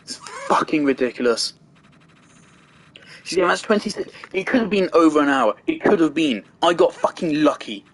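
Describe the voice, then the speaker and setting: A man's voice: a little high, lively intonation, fairly quick, few pauses, slightly rough. A young man giving angry gameplay commentary, ranting and swearing heavily. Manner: furious ranting, heavy swearing. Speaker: gaming video creator.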